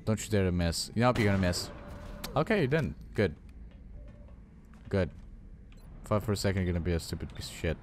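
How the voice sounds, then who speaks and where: A man's voice: low-pitched, very animated, a little fast, darkish tone. Profane young man trash-talking a game. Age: young adult. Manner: profane, trash-talks his own game units. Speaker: gaming channel host. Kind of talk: let's play commentary.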